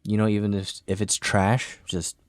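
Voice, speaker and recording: A man's voice: fairly low pitch, completely flat delivery, moderate pace, no room sound, studio quality. A man chatting as a podcast guest, laid-back and full of "you know" fillers. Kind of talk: casual podcast chat.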